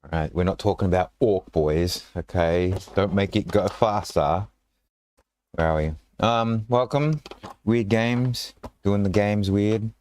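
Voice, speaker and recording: A man's voice: lowish voice, unhurried, darkish tone. A man hosting a live stream in a casual, joking way, rambling and breaking off mid-thought. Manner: rambling, joking, self-interrupting. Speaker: stream host. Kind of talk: casual chat.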